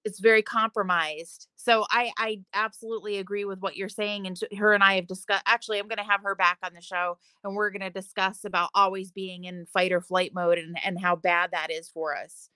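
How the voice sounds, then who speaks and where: Woman, podcast host, casual chat, emphatic, smooth voice, dry close sound. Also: mid-range voice, steady tone, a little fast, few pauses, bright, forceful tone, no echo. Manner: emphatic and eager.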